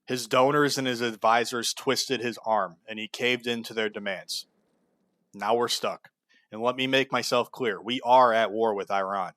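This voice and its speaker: A man rants through heated political commentary, blunt, sarcastic and profane. His voice sits at an ordinary middle pitch. The sound is dry and close, with no room echo. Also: steady tone, normal speed, a bit bright. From United States.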